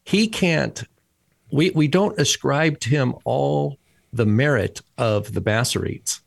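A man's voice: medium pitch, slow, creaky, no room sound. A man co-hosting a podcast, talking animatedly in a casual religious discussion and quoting people in acted voices. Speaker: podcast co-host.

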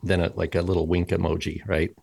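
A man's voice: low voice, little pitch movement, fast talker, vocal fry, a little mellow, no room sound. A man co-hosting a podcast, explaining things with enthusiasm and repeating words for emphasis. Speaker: podcast co-host, teacher. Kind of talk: casual podcast chat.

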